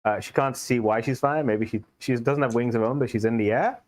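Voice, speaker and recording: A man's voice: medium pitch, a little fast, darkish tone, rough recording. A man with an Indian accent narrating as game master in a tabletop game, telling the scene loosely with many fillers. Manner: loose, filler-heavy storytelling.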